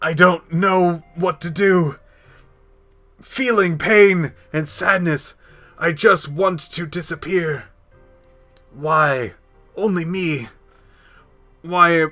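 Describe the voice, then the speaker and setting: A man's voice: a little high, bright, forceful tone, faint music behind, heavily acted. A man voicing a frightened orphan girl. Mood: despairing. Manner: halting, restarts on words while reading. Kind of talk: reading a story game aloud in character.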